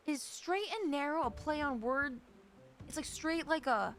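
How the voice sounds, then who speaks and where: A woman's voice: high voice, a little slow, fairly bright tone, soft background music. A woman chatting casually and rambling while playing a game on stream, often correcting herself. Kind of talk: casual gameplay commentary.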